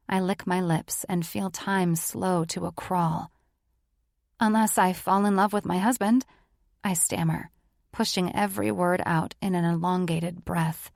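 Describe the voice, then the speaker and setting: A woman narrates a romance audiobook in the first person, intimate and emotive. Her voice sits a little low with a gravelly texture, recorded dry and close. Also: no echo.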